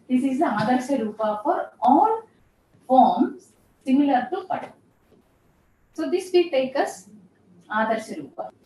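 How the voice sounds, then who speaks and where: A woman's voice: high-pitched, warm tone, slight background noise. A woman professor, giving a classroom lecture and patiently repeating terms as she explains. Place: lecture room. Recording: echoey room, voice from far off.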